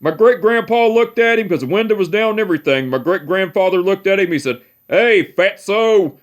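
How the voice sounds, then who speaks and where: A man's voice: sits high, fast talker. A young man tells family stories in a casual, profane way, often laughing at them. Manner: laid-back, profane, laughing at his own stories.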